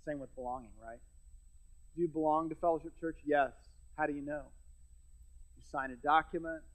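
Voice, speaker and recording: A man's voice: on the high side, fairly even intonation, moderate pace, poor audio. A middle-aged man preaching a sermon as pastor, conversational with self-deprecating humor and frequent restarts. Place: church sanctuary.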